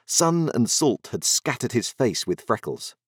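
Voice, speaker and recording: A man narrating a story aloud in an expressive, dramatic storytelling manner. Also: mid-range voice, a little slow, slightly rough, no echo, clean studio sound.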